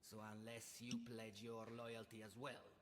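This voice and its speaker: An actor playing a menacing male henchman in a video game cutscene, speaking slowly with a theatrical put-on Italian accent. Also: fairly low pitch, level tone. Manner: slow, theatrical, heavy fake accent. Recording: loud game music underneath.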